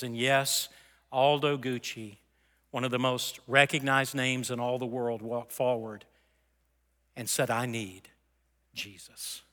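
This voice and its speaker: Bright-voiced pastor in a reverberant hall. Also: male voice, medium pitch. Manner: storytelling, earnest, with restarts. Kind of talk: sermon.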